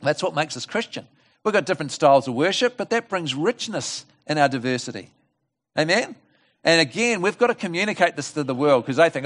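A man preaching a lively, conversational sermon at a church service, often asking the congregation questions. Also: a little high, brisk. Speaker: guest preacher.

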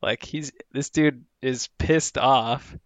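A man's voice: mid-range voice, fairly even intonation, slow, dry recording. A man in casual chat, telling a rambling story with lots of filler words.

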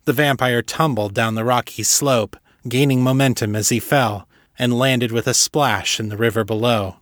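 A man's voice: medium pitch, steady tone, normal speed, fairly bright tone, no echo. Man narrating an audiobook, dry. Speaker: author and podcast narrator.

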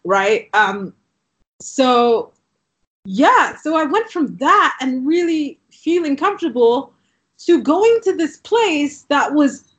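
A fairly high-voiced woman with a London-tinged accent worn by time in Canada, telling her story in a relaxed, conversational way. She talks in animated bursts and scatters "like" through her sentences. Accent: London English, shifted by years in Canada. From Southeast London, England. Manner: animated storyteller, frequent "like" fillers, quick asides. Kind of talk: casual conversation.

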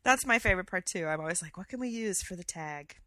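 A woman's voice: fairly low pitch, lively intonation, fast, bright, forceful tone, dry recording. A woman co-hosting a casual podcast chat, chatty and laughing often, her voice a little scratchy from the morning. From US West Coast. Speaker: podcast co-host.

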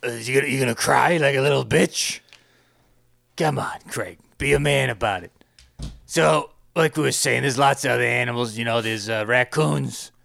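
A man's voice: medium pitch, normal speed, gravelly, a bit bright, no echo. A man voicing a brash, crude male company boss who boasts and barks at his producer, in an improvised comedy podcast bit. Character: brash sleazy male CEO Mort, middle-aged. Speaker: podcast co-host.

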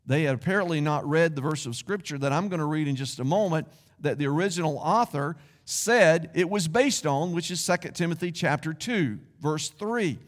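A man's voice: on the high side, moderate pace, long reverb tail. A man preaching a sermon as pastor, speaking in a conversational way with folksy asides. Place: church sanctuary.

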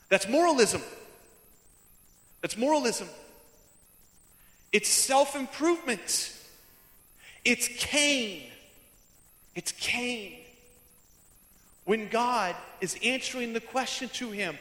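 A man preaching a sermon as pastor, emphatic and repeating phrases for stress, swinging from loud declarations to hushed lines. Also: very high voice, animated, slow, long pauses. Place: large church hall. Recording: echoey hall with long reverb.

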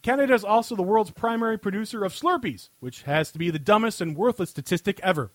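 Male podcast host, a bit high-pitched, over-the-top mocking read, dry close desk mic. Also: animated, fast, no room sound. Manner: mocking, over-the-top delivery, chuckling at his own jokes. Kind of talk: reading comic answers to listener questions. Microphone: own desk microphone.

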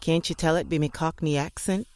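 A reader voicing a merry, quick-witted old Irish widow who is small and dumpy, with a cheerful, teasing Irish accent. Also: mid-range voice, steady tone, a little mellow, dry recording, lightly acted.

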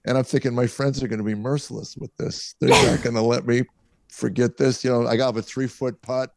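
A man's voice: medium pitch, fairly quick, no echo. A middle-aged man from a small town south of Chicago, a comedian telling anecdotes as a podcast guest. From small town south of Chicago, USA. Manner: lively storyteller, acts out voices in his anecdotes. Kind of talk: storytelling anecdotes in a podcast interview.

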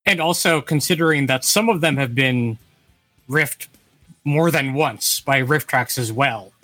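A man's voice: medium pitch, a little slow, pushed and bright, no room sound, soft background music. A man co-hosting a casual game stream, plainly explaining how the game works. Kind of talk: casual chat while playing a game.

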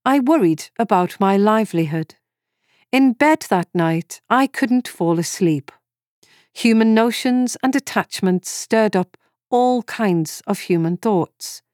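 Calm woman reading a story dryly. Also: medium pitch, takes it slowly, dry recording, clean studio sound. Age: 40s. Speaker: reader of a first-person story. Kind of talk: scripted narration.

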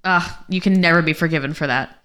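A woman's voice: low voice, fast talker, a bit bright. Wry, teasing woman podcast host. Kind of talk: casual podcast chat.

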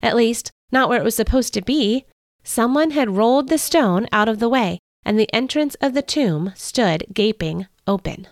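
A woman hosting a podcast, telling a Bible story in the first person in an earnest, expressive way. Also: on the high side, moderate pace, no echo, clean studio sound.

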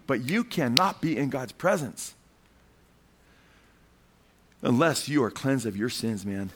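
A man's voice: mid-range voice, expressive, a little slow, long pauses, a little hiss or hum. A male preacher giving a fervent sermon. He keeps calling his listeners "man" and puts questions to the crowd.

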